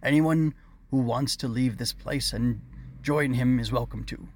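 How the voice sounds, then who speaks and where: A man voicing a proud toad knight henchman who makes croaking proclamations, for an audiobook. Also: mid-range voice, unhurried, darkish tone, slight background noise, close to an everyday voice. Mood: proclaiming. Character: toad knight henchman, male, with a robotic ring. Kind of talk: audiobook character reading.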